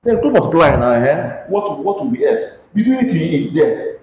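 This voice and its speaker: Nigerian man teaching physics, lively. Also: fairly high pitch, normal speed, reverberant, highs cut off. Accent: Nigerian English. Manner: questioning, coaxing students to answer aloud. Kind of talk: classroom lesson with call-and-response questions.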